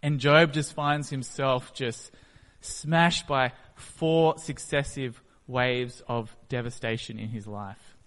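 A man's voice: medium pitch, steady tone, takes it slowly, few pauses, a bit bright. Man preaching in an echoey hall. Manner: storytelling, acts out the scene. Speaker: pastor. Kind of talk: sermon.

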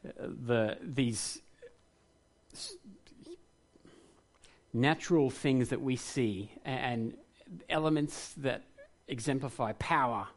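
A man delivering a sermon in an earnest, reflective way. His voice sits at an ordinary middle pitch, and his emphasis builds into passion when he makes a point. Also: slow, long pauses. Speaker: pastor.

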